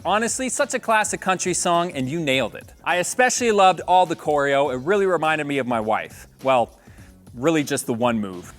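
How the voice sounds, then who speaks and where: A man gives playful feedback as a judge. He teases and jokes, and his pitch moves a lot, with faint music behind him. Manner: joking, teasing. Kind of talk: casual chat.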